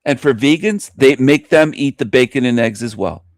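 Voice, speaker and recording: A man's voice: mid-range voice, animated, normal speed, no room sound. A ranting male radio host with a crude delivery, chuckling at his own jokes. His voice sits in a middling range and sounds dry and close to the mic. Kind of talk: shock-jock monologue.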